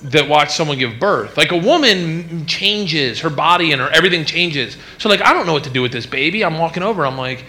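A man's voice: fairly high pitch, lively intonation, fairly quick, hardly any pauses, noisy background. A man doing stand-up comedy, talking in a loose, rambling way full of "like" and acting out little voices. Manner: rambling, lots of "like" fillers, acts out voices.

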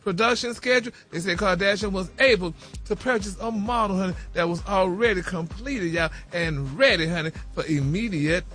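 Sassy high-voiced man dishing gossip. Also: moderate pace, hardly any pauses, sharp tone, soft background music. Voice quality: sassy, peppers talk with "honey" and "y'all". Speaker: celebrity news host. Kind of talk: radio morning show gossip segment.

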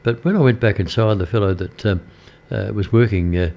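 An older Australian man presenting community radio, telling a story in a rambling, halting way with many fillers. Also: fairly low pitch, gravelly, muffled recording. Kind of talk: casual radio chat between songs. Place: radio studio.

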